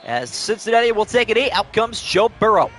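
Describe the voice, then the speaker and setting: A man's voice: sits high, very animated, fairly quick, a bit bright, a little hiss or hum. A young man calling play-by-play on a live stream, switching between announcer-style calls and casual chat with viewers, short on sleep.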